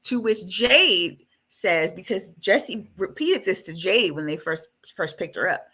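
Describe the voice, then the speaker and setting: A woman co-hosting a casual podcast chat, retelling scenes with animated energy and frequent swearing. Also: mid-range voice, a little slow, slightly rough. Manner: animated storyteller, acts out scenes; swears freely. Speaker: podcast co-host.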